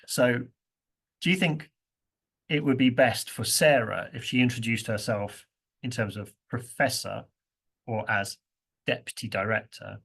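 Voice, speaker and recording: A man's voice: medium pitch, fairly even intonation, normal speed, gravelly, fairly bright tone, husky. A man leading a university workshop, playful, often laughing and acting out example phrases. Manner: playful, laughs often, acts out stressed words. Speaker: workshop presenter. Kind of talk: interactive workshop teaching.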